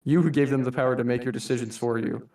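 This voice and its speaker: Man doing a masked male anarchist, mock-polite, formal, measured, roomy sound. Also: mid-range voice, steady tone, darkish tone, lightly acted. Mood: scolding. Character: V, theatrical masked male anarchist lecturing humanity like a boss. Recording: roomy, distant mic.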